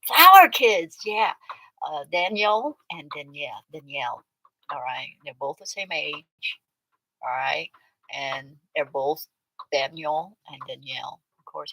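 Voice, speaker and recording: A woman hosts a casual livestream, teasing viewers as she reacts to their comments. Her voice sits lowish but leaps around, bright and a little husky. She laughs easily and keeps a playful, chatty rhythm. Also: no room sound, rough recording. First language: Vietnamese. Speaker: livestream host.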